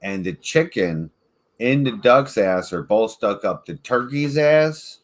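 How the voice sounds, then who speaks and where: A man's voice: mid-range voice, expressive, slow. A man hosting a casual chat, rambling, swearing freely and laughing often. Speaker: podcast host.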